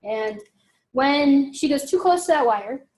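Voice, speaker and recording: A woman's voice: sits high, measured pace. A woman giving a talk to a group, acting out dialogue and asking the audience questions. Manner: animated, acts out dialogue, asks audience questions.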